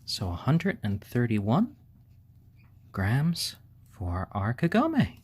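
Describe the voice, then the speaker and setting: A man hosting a casual live stream, gently soothing and hushing his baby chicks and thanking viewers. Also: mid-range voice, huge pitch swings, extremely slow, breathy edge. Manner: reads out viewer names and thanks them.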